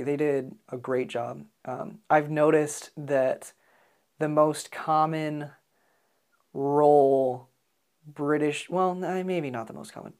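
A man's voice: a little high, a little mellow. An American man chatting casually about films as a podcast co-host, hesitant, with many ums and restarts. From United States. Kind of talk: casual film discussion.

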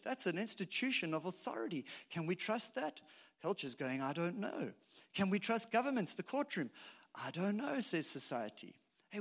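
A man with a high voice delivering a sermon as a pastor. He keeps it conversational, posing question after question and dropping in casual asides to his listeners. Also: fairly bright tone. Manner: conversational preaching full of rhetorical questions and asides.

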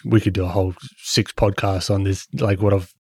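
A man's voice: sits low, fairly even intonation, fairly quick, vocal fry, darkish tone, breathy edge, dry recording, clean studio sound. A man and podcast co-host chatting casually, rambling and explaining with lots of restarts. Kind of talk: casual chat.

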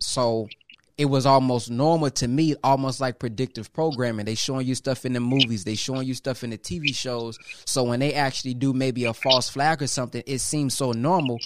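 A man interviewing a guest, asking long, probing questions. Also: mid-range voice.

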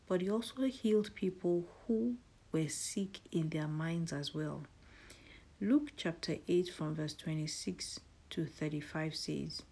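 A woman hosting a morning devotional, praying and reading scripture aloud in a soft delivery that often drops to a breathy half-whisper. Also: low voice. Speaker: devotional host.

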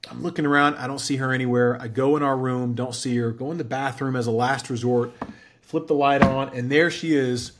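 A man in his forties, a guest in an interview, telling his story in a candid, animated way. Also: mid-range voice. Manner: candid, animated storyteller who acts out quoted dialogue.

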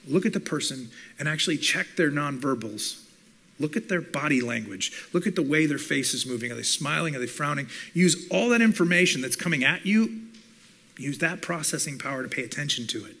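A man preaching a sermon on listening, teaching with animated delivery and acting out what listeners might say. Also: a little high, creaky, slightly rough. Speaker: pastor and communications professor.

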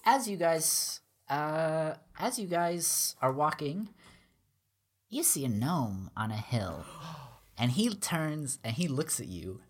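Very low-voiced woman game master. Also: slow, breathy edge. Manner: relaxed, laughing storyteller. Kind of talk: narrating a tabletop game.

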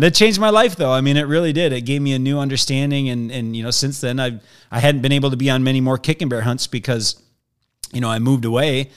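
A man with a mid-range voice tells a story with real energy. He acts out the voices of the people in it as he goes. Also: medium pitch. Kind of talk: animated hunting story.

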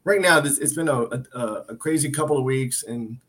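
A man's voice: medium pitch, normal speed, a bit bright. A man co-hosting a Christian talk show, teaching from the Bible in an earnest, emphatic way, often restarting and repeating himself. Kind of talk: Bible teaching in casual chat.

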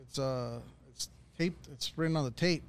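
A man's voice: medium pitch, normal speed, clear, resonant tone. A middle-aged man, a former teacher, chatting as a guest in an easygoing, reflective way that halts with fillers. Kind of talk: casual chat.

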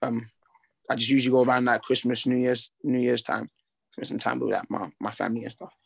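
Young man, boxer interview, laid-back, confident, slangy, mid-pitched voice. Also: fairly quick, vocal fry, breathy edge. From Britain, with Ghanaian heritage. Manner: relaxed, confident, rambling with slang and restarts. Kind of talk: casual interview chat.

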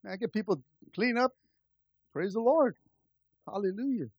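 A man's voice: high-pitched, expressive, normal speed, slightly rough, dry recording, dull audio. A man pastor preaching a conversational sermon, calling out to the church and building to impassioned stretches. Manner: impassioned, rising in volume.

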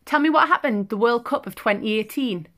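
Woman, from england, teasing, chatty, storytelling, slightly high pitch. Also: lively intonation, fairly quick, a bit bright. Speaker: podcast co-host. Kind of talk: casual chat.

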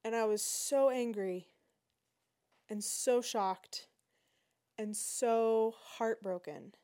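A woman hosting a podcast, telling a personal story in a lively, indignant way. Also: on the high side, extremely slow. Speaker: podcast host. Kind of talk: casual storytelling.

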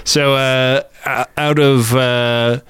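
A man's voice: medium pitch, level tone, drawn-out words, fairly bright tone, clean tone, no room sound. A man hosting a film podcast, teasing his co-hosts and steering the segment in casual chat. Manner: dry, teasing, runs the segment. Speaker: podcast host.

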